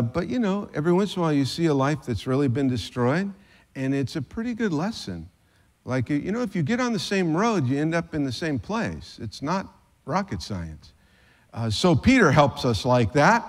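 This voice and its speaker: A man pastor giving a sermon in a conversational way, with joking asides. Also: fairly high pitch.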